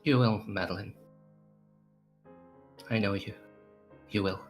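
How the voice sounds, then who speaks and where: A man with a congested voice, voicing a steady companion who speaks calmly and gently. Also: fairly low pitch, slow pace, faint music behind. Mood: reassuring. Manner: calm, gentle, reassuring. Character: steady, reassuring male companion.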